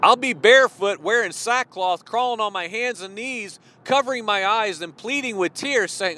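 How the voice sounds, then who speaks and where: A man preaching a sermon, swinging between soft pleading and loud, impassioned declaration. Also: high voice, animated, normal speed.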